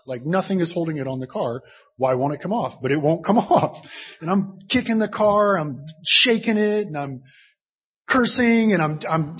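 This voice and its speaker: Guy rambling through a story, kinda husky and a bit high, muffled lo-fi sound. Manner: rambling, animated storytelling with frequent fillers and laughs. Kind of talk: casual storytelling. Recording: muffled lo-fi recording.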